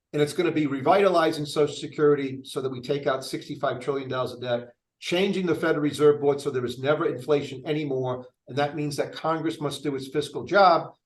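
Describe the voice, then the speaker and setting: An older man running for office, talking casually in an interview with a rambling, restart-filled manner. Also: fairly high pitch. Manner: animated, rambling, frequent restarts. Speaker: presidential candidate. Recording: echoey room.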